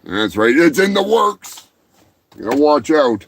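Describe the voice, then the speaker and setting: A man hosting a comedy show, ranting in a rambling, profane way that often breaks into shouting. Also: on the high side, sing-song, unhurried, creaky, a little hiss or hum. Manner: rambling, shouting, heavy swearing. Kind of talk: profane comic rant.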